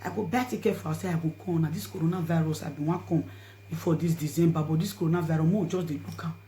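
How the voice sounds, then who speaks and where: A woman with a Nigerian accent telling a personal story to her viewers, swinging between hushed asides and loud pleading. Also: sits low, fairly even intonation, quick pace. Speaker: vlogger. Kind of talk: storytelling to camera in Pidgin.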